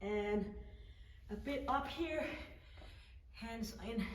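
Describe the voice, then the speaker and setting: A woman's voice: high-pitched, takes it slowly, a little hiss or hum. A woman leading a home workout, counting down reps and encouraging the listener as she coaches. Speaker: fitness instructor. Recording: echoey room, mic at a distance.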